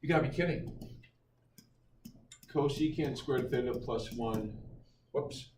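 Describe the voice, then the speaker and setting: A middle-aged man teaching a calculus class, lively and joking with his students. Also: medium pitch, takes it slowly. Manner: lively, playful, jokes with students. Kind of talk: classroom lecture. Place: high school classroom. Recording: echoey classroom from far off, noisy.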